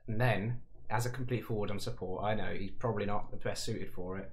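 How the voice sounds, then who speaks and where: A man giving casual, excitable commentary over a football management game, talking to himself and panicking aloud. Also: on the low side, a little fast. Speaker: gaming YouTuber.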